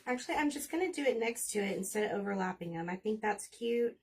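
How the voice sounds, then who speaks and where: A woman's voice: medium pitch, animated, fast, a little mellow, slightly rough, recorded from a distance. A woman in her forties chatting casually and rambling as she hosts a crafting livestream. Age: 40s. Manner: chatty, rambling, talks while working.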